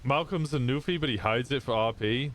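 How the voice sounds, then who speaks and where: A man's voice: mid-range voice, brisk, fairly bright tone, slight background noise. A man streaming, chatting casually, rambling and swearing freely as he thinks aloud.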